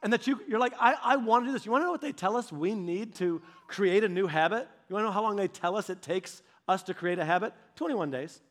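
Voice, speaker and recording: A woman giving devotional teaching on fasting in a conversational, animated storytelling manner. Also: mid-range voice. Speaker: church leader.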